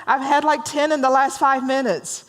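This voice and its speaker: A woman's voice: high voice, flat delivery, moderate pace, voice pushed up, lightly acted. A woman doing a gushing, sensitive office clerk. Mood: cheery chatter. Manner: gushing, rambling and anxious. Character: chatty, sensitive, eager-to-please male office clerk.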